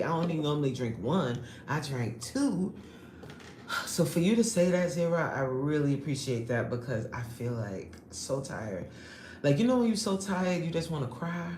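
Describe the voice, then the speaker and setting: A woman's voice: deep voice, darkish tone, echoey room, slight background noise. A woman hosting a casual live stream, chatting animatedly with her viewers, laughing often and greeting them by name. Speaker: live-stream host reading chat.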